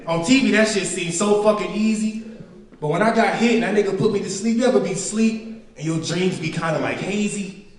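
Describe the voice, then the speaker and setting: Young male stand-up comic, high-pitched and profane, recorded from afar in a very echoey room. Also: a little fast. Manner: profane, storytelling, acts out friends' voices. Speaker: stand-up comedian. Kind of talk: stand-up comedy set. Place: small indoor venue. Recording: echoey room picked up from a distance.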